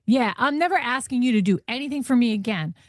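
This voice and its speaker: A woman's voice: a little high, lively intonation, fast, dry recording, clean studio sound. A woman host reading text messages aloud and reacting with disbelief and laughter. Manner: incredulous, laughing. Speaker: commentary host. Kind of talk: reading texts aloud with commentary.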